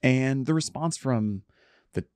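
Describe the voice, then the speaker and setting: A man's voice: mid-range voice, takes it slowly, darkish tone, clear, resonant tone, no echo, studio quality. A middle-aged man in reflective conversation, earnest and self-searching, often trailing off and restarting his sentences.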